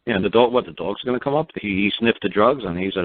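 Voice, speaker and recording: On a tinny, dry phone-line recording, a low-voiced New York call-in host talks fast, bluntly and with profanity, hammering listeners with rhetorical questions.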